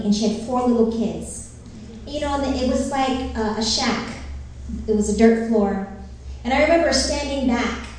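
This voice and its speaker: A woman's voice: on the high side, warm tone, a little hiss or hum. A middle-aged woman from Northern California giving a heartfelt church testimony as a missionary speaker, with a few ums along the way. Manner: earnest, heartfelt storytelling with many fillers. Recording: very echoey hall, from far off.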